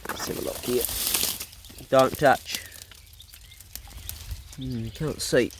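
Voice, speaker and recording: A man's voice: mid-range voice, fairly even intonation, slow pace, a little hiss or hum. Chatty New man on a farm. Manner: chatty, offhand, talks to his dogs. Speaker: farm vlogger. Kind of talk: casual narration while walking. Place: outdoors on a farm by a pond. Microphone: handheld phone.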